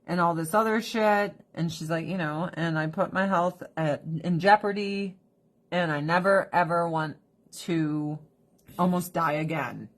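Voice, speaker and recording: A woman's voice: on the low side, fairly bright tone. A middle-aged woman talking casually to her viewers, telling a story about her best friend in a blunt, profane way and quoting her friend's lines. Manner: quotes friend with shifting voice. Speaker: vlogger. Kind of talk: casual chat to camera.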